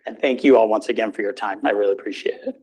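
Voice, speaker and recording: A man's voice: on the low side, quick pace, darkish tone, breathy edge, rough recording. A middle-aged man giving a hospital grand rounds talk and taking questions, speaking informally with many fillers and restarts. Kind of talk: hospital lecture and Q&A. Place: hospital lecture room.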